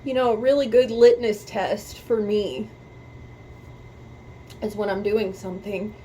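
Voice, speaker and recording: Woman host, emotional and earnest, unhurried, warm higher voice, faint room hiss behind. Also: steady tone, poor audio. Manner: earnest, emphatic, repeats phrases for stress. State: emotional, near tears. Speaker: music reaction video host. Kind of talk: heartfelt talk to camera about faith.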